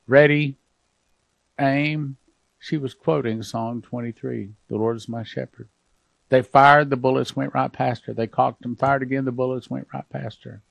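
Fervent pastor preaching with emotion. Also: male voice, mid-range voice, gravelly, no echo. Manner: fervent, emphatic preaching that drops to quiet emotion. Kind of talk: emotional televangelist sermon.

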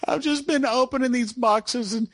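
A man's voice: very high voice, moderate pace, no room sound, voice pushed up. A man putting on the voice of a tearful, worn-down woman as he retells a phone call.

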